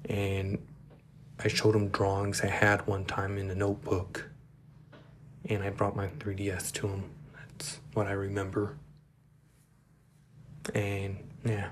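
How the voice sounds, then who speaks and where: A man hosting a solo podcast, rambling and halting, correcting himself and often dropping into a whisper. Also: on the low side, monotone, slight background noise. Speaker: podcast host.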